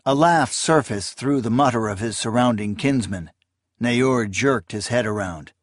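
Male audiobook narrator, mid-pitched, steady and measured, dry close recording. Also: dry recording. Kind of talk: scripted fantasy narration.

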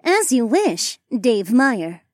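A man's voice: very high-pitched, sing-song, takes it slowly, dry recording, studio quality, pitched above the performer's own voice, full character voice. Abby, a man voicing a stiff robotic AI woman. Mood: formal. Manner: stiff, formal, recites company facts in full. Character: robotic female AI assistant, formal and obliging. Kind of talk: audiobook character voice.

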